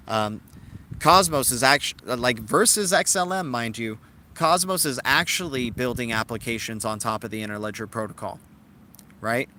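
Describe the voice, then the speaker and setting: A man hosts a live stream in a loose, chatty way, answering viewers in the chat as he goes. His voice is bright and sharp, sitting at an ordinary middle pitch. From Cuban heritage. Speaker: crypto livestream host. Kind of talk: casual live-stream commentary.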